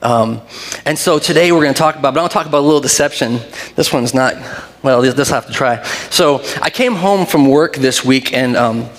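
A middle-aged man preaching in a church, his voice carrying through a hall with long reverb. He tells stories in an animated way, laughs often, and then settles into prayer. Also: medium pitch, a little fast. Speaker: pastor. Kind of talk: sermon. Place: church sanctuary.

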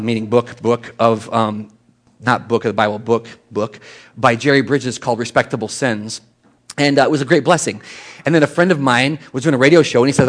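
Storytelling pastor, casual and self-mocking. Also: male voice, medium pitch, a bit bright. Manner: conversational storytelling with self-deprecating humor. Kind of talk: sermon.

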